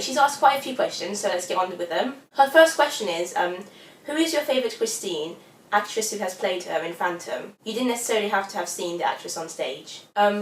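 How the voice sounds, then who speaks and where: A woman's voice: mid-range voice, distant mic, a little hiss or hum. Chatty young woman in an echoey room. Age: 20s. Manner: chatty, upbeat, with frequent fillers. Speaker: vlogger. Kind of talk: casual Q&A vlog. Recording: echoey room, mic set back.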